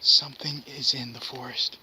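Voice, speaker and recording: A man's voice: mid-range voice, steady tone, normal speed, bright, forceful tone, slightly rough. A man exploring a forest at night with a camera, talking tensely and often in a whisper. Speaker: paranormal investigator.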